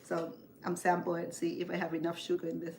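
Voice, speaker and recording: A woman's voice: fairly low pitch, monotone, fast, background noise. An older woman, chatting and rambling through family stories as she cooks for her show. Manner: chatty, rambling, acts out family members' voices. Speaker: cooking show host. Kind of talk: storytelling while cooking.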